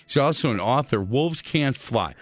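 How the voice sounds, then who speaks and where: A man's voice: medium pitch, expressive, normal speed. Chatty male sports radio host. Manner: chatty storyteller, laughs at his own tales. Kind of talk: casual radio talk. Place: radio studio. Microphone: studio microphone.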